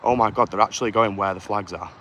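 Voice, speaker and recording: A livestreamer with a fairly low voice talks quickly from an outdoor car park, phone in hand, chatting in a hushed, conspiratorial way and reading viewers' comments aloud. Urban noise and passing vehicles are clearly audible behind him.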